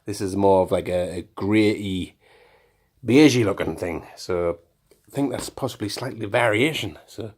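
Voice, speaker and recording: A man's voice: lowish voice, darkish tone, breathy edge. A man talking casually about his toy collection, rambling and correcting himself with jokey asides. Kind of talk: casual show-and-tell of collectibles.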